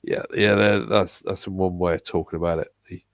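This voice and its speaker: A man with a Bristol English accent, hosting a live stream and reading out viewer comments in a hesitant, halting way with frequent restarts. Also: sits low, fairly even intonation, no echo. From England.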